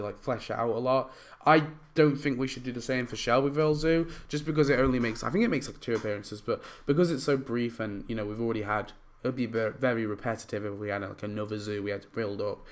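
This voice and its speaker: A young man talks through his ideas for a mobile game in a loose, rambling way, leaning on "like" and "you know" as he goes. His voice is hoarse and worn, as if he is losing it. His pitch sits in an ordinary middle range. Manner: rambling, many fillers. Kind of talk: casual commentary over gameplay.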